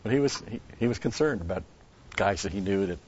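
A man's voice: lowish voice, animated, fast talker, slight background noise. A man giving a rambling Bible teaching, stressing key words and restarting his sentences. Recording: dull lo-fi recording.

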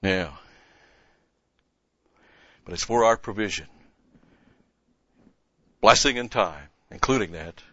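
A man with a lowish, forceful voice gives a conversational Bible-study sermon, pushing his pitch and volume up on the points he wants to land and answering his own rhetorical questions. The recording is dull and lo-fi, with a dry, close sound. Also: no echo. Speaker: Bible teacher.

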